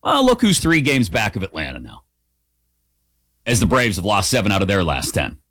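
Animated male sports radio host. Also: lowish voice, moderate pace, dry recording, clean studio sound. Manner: animated, conversational, opinionated. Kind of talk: opinionated sports talk monologue. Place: radio studio.

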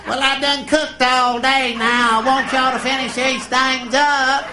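A man's voice: very high voice, flat delivery, sharp tone, slight background noise, heavily acted. A man voicing an insistent older woman who has cooked all day, performing on a live comedy stage. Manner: drawling, slow, pushy hostess. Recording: echoey live stage with crowd laughter.

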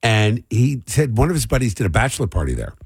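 New male radio host, rambling and opinionated, husky and animated. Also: mid-range voice, fast, no echo, studio quality. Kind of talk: casual morning radio banter.

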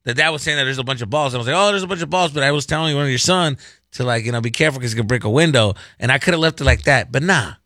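Man, slight southern twang, casual storytelling, bright voice, dry sound. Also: medium pitch, rapid-fire, no echo. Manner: animated, shouts quoted lines, slight southern twang noted. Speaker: guest telling a story.

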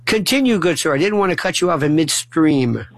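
A man's voice: on the high side, expressive, a little fast, a bit bright. A middle-aged man hosting a late-night call-in radio show, rambling through emphatic rhetorical questions. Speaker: radio talk show host.

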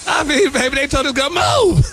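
A man's voice: high voice, moderate pace, a bit bright, slight background noise. A flamboyant man hosting a celebrity gossip segment on a radio morning show, sassy and laughing, calling everyone honey and baby. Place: radio studio.

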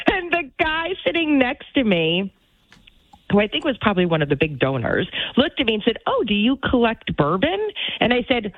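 A woman with a very lively, bouncing voice, trading casual on-air banter and laughing at her own stories. Her voice comes through a thin, tinny phone-like line that sounds close and dry. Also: a little high, normal speed, dry recording. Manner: laughing, self-mocking storyteller. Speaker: producer.

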